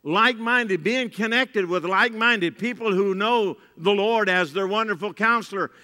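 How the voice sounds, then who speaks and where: A man preaching a sermon in a church, his voice high and bright. He swings between loud emphatic stretches and dropped, quieter asides, and often repeats phrases for effect. The sound carries a long hall reverb. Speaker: pastor.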